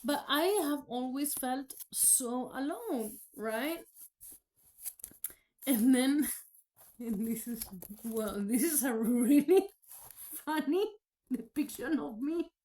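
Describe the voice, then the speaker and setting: A woman's voice: high-pitched, takes it slowly, long pauses, a little mellow. A woman whose first language is Spanish gives a personal faith testimony in a candid, rambling way, full of fillers and restarts. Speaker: vlogger.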